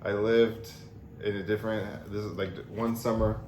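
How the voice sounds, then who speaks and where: A laid-back young man with a fairly low voice, reminiscing and swearing casually. The echoey room carries a faint hiss. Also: flat delivery, moderate pace, a little mellow. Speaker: podcast co-host. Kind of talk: casual chat.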